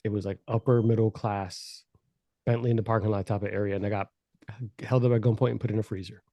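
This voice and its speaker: A man telling a wild story on a casual podcast, animated and profane, acting out the people in it. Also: lowish voice, fast, no room sound.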